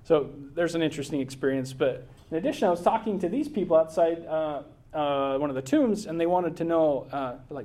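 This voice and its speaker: A man's voice: fairly high pitch, fairly quick, few pauses, dark tone. A middle-aged American man giving a casual travel slideshow talk, rambling with many fillers and restarts. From United States.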